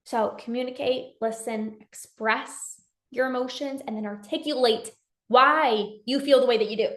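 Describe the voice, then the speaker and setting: A woman's voice: fairly high pitch, fairly even intonation, normal speed. A woman giving a motivational talk as a life coach, emphatic, acting out short dialogues in her own voice. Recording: echoey room.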